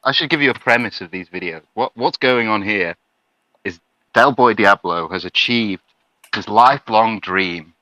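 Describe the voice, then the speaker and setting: Bright, crisp, mocking male co-host. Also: on the low side, moderate pace, no echo, poor audio. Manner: crude, mocking, conversational. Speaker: podcast co-host. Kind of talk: casual commentary.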